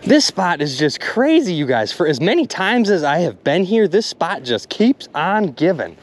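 An excitable man narrates his outdoor fishing vlog by a river, talking straight to his viewers. His voice sits high, and his pitch swoops up and down as he exclaims over each find. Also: normal speed, background noise. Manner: excitable, addresses viewers as "you guys". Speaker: magnet fishing vlogger.

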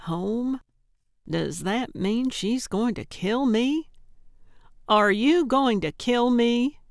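A woman's voice: a little high, slow, no room sound, clean studio sound, pitched above the performer's own voice. A woman narrator voicing a feisty, blunt older woman amateur sleuth who snaps back grumpily. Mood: cranky, blunt. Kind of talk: audiobook character voice.

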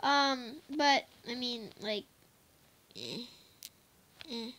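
A woman's voice: a little high, big pitch swings, drawn-out words, bright, forceful tone. A female vlogger chatting casually to the camera, giggly and apologetic, rambling with lots of fillers. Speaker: vlogger teaching softball cheers.

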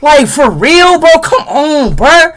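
A young man streaming a game, talking in an excitable, exasperated, profane way that keeps breaking into shouts. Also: very high voice, slow, background noise. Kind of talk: live game-stream commentary.

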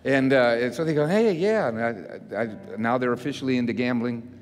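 An older man, a pastor, preaching a sermon in a folksy, self-mocking way that builds into loud, emphatic repetition. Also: medium pitch, fairly quick, slight background noise. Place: church sanctuary. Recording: church hall reverb with faint music.

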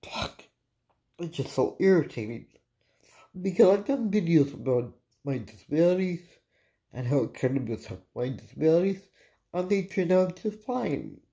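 A vlogger in a frustrated state, venting casually to viewers with a halting delivery, restarting sentences and swearing under the breath. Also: medium pitch, animated, dark tone. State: frustrated and irritated. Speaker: cannabis vlogger, host of own channel.

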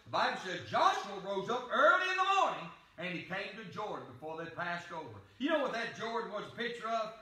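A man's voice: high-pitched, bright, forceful tone, very echoey, distant mic, rough recording. A man preaching a fervent sermon as pastor, often calling out "dear friend".

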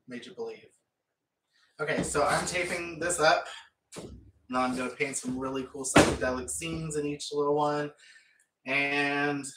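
A man with a mid-range, slightly bright voice chats and rambles while painting, breaking into frequent laughter. The vlog recording has a little hiss or hum, an echoey room and a mic set far off.

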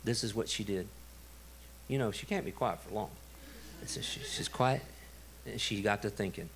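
A middle-aged man, a pastor telling a story in a sermon, animated and laughing. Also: on the low side, normal speed. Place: church.

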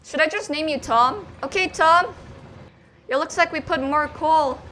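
A young woman with a high, bright voice gives playful game commentary and chats with the characters on screen. She breaks into sudden yelps now and then. A faint hiss sits under her voice. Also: unhurried. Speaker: gaming commentator. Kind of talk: let's play commentary.

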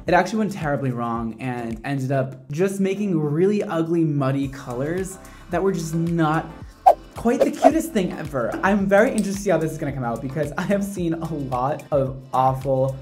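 Sassy, animated male hairdresser reacting. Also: a little high, normal speed, over music. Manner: animated, sassy, with dramatic exclamations. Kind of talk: casual reaction commentary.

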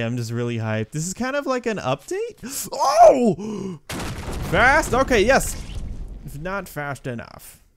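Excitable young man yelping over a game. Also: mid-range voice. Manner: excitable, rambling, yelps and shrieks when frustrated. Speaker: gaming YouTuber. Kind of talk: casual gameplay commentary.

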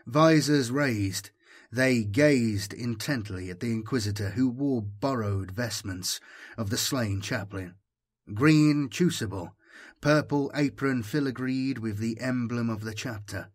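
Husky guy narrating an audiobook, steady even reading. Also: mid-range voice, unhurried.

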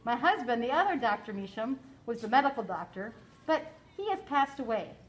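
A woman's voice: on the high side, very animated, a little fast. A woman reading aloud as an eccentric elderly widow with a formal, wordy, musing way of speaking.

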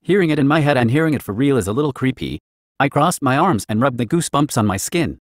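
A man's voice: medium pitch, big pitch swings, quick pace, dry recording, clean studio sound. A man reading fan fiction aloud, narrating in the first person as a teenage girl.

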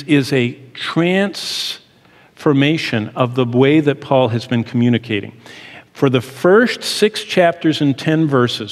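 Middle-aged man teaching in echoing hall. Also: medium pitch. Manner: earnest, explanatory, emphatic. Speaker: Bible teacher. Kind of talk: teaching sermon. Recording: long hall reverb.

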